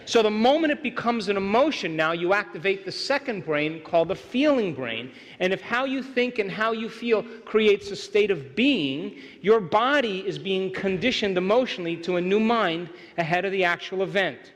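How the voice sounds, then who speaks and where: A man's voice: high voice, expressive, moderate pace, few pauses. Emphatic man lecturing in a reverberant hall. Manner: emphatic, asks audience for agreement. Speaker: workshop speaker. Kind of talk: lecture to a live audience. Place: large hall with audience. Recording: hall reverb, live venue.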